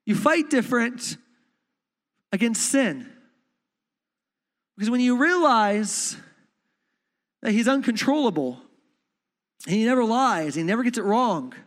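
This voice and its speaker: A man preaching a sermon as pastor, impassioned, swinging between hushed tones and shouting. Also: high voice. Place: church stage. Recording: music under, reverberant hall.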